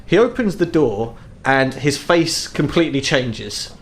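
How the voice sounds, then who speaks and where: A man narrating a tabletop game as game master, relaxed and descriptive. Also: medium pitch, a little slow.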